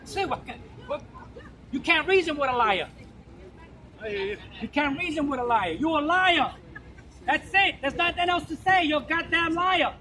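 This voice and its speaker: A man confronting someone at an outdoor rally, loud and accusing, repeating his points over and over. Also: very high voice, expressive, a little slow, long pauses. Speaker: street advocate. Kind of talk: heated street confrontation. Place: city street rally outdoors. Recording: noisy street with crowd and traffic.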